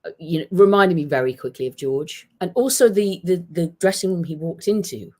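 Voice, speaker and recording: A man chatting about football on a podcast, telling stories in an animated way, with many restarts. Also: a little high, fairly quick. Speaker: podcast guest. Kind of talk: casual football chat. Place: home with a dog.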